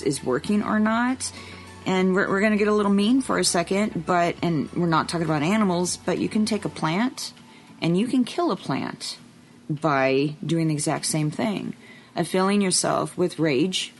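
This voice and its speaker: Low-pitched woman co-host, earnest and frank, faint music underneath. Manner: earnest and explanatory, with frank asides. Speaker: podcast co-host. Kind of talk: casual chat.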